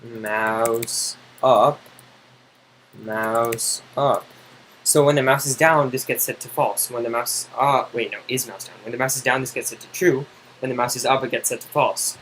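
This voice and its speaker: A man tutoring someone in code, impatient and teasing, explaining in quick exasperated bursts. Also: mid-range voice, steady tone, a bit bright, a little hiss or hum, poor audio. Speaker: coding tutor. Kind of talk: casual screen-side coding help.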